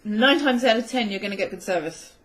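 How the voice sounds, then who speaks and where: A woman from Australia with an Australian accent, co-hosting a casual webcam chat, relaxed and blunt. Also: mid-range voice, quick pace, rough recording. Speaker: co-host. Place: home webcam setup.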